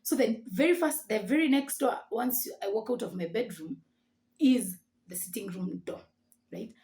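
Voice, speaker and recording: A woman with a Kenyan accent tells a personal story to camera, lively and acting out the dialogue. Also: a little high, moderate pace. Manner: animated, acts out the dialogue. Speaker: vlogger.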